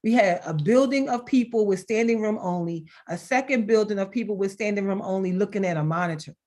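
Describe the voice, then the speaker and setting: A middle-aged woman on a video call, telling heartfelt stories in an expressive way and laughing now and then as she talks. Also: medium pitch, brisk. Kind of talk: heartfelt conversational storytelling.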